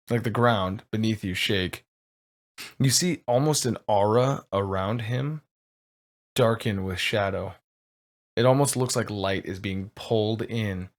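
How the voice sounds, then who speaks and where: A man's voice: on the low side, takes it slowly, pauses often. A man running a tabletop game as game master, narrating casually with lots of fillers and rambling asides.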